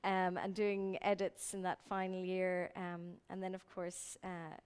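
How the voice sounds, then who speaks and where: A woman chatting hesitantly on stage at a library event, introducing readings with many pauses. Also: lowish voice, completely flat delivery, smooth, long reverb tail. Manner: hesitant, many ums, soft and trailing. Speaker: performer and reader at a library event. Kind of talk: casual stage chat. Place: public library event room. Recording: live event with music behind.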